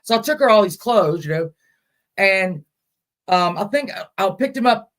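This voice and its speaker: A woman hosting a caregiver support live stream, talking in a casual, halting way with many fillers and restarts, and answering viewer comments aloud. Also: medium pitch, animated.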